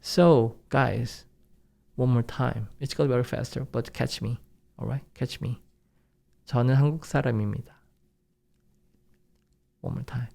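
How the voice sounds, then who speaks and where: A young Korean man teaching his native language in English with a Korean accent, drilling phrases at fast speed and insisting on serious practice. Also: mid-range voice, steady tone, vocal fry, a little mellow, husky. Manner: drills phrases in rapid repetitions, earnest and insistent. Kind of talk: online language lesson.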